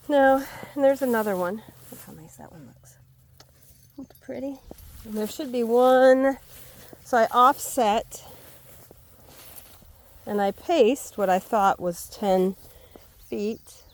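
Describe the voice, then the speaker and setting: A woman's voice: a little high, lively intonation, slow pace, pauses often, darkish tone. A woman vlogging casually as she walks a wet hay field, thinking aloud and calling to her dogs. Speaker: homesteading vlogger. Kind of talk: casual walking vlog. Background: dogs and rural outdoor sounds.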